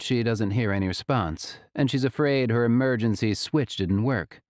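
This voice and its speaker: Guy reading an audiobook, lowish voice, really animated, dry close sound. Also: normal speed, few pauses, dry recording. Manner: expressive, dramatic reading. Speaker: audiobook narrator. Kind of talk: scripted audiobook narration.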